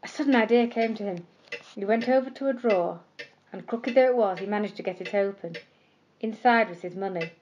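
A woman with a mid-pitched voice narrates a bedtime story gently and expressively. She draws out the words she wants to stress. The recording is slightly muffled and lo-fi. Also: slight background noise. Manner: gentle, expressive, slowing for emphasis.

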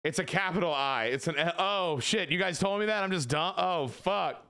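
A man's voice: high voice, normal speed, sharp tone, smooth. A man streaming a game, chatting casually with his viewers, swearing and joking as he rambles. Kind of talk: casual live-stream chat.

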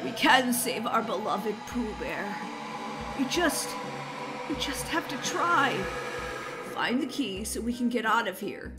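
A woman's voice: a little high, big pitch swings, slow pace. A woman voicing an earnest heroic sidekick who urges the team on. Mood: urgent. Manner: earnest, urgent rallying. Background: game music.

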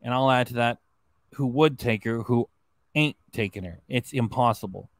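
Rambling livestream host. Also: male voice, medium pitch, moderate pace, no echo. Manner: mocking, rambling, repeats himself. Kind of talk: livestream reaction, reading viewer chats.

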